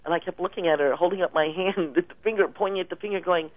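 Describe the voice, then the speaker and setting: A woman guest telling stories in a casual interview, lively and laughing often. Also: lowish voice, fast, no room sound. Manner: animated storyteller, laughs often. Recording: tinny phone line, dry.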